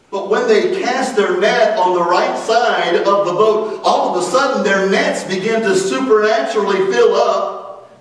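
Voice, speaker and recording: Male pastor, sermon delivery with rising emphasis; very echoey hall recording. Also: high voice. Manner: preaching with rising emphasis, calling for amens. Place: church sanctuary. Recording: very echoey church hall, mic at a distance.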